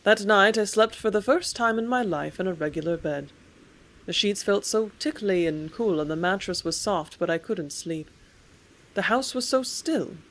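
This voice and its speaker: A woman reads an old first-person memoir aloud as an audiobook. Her delivery is steady storytelling, with the quoted lines read out with more life. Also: medium pitch, moderate pace. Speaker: audiobook narrator.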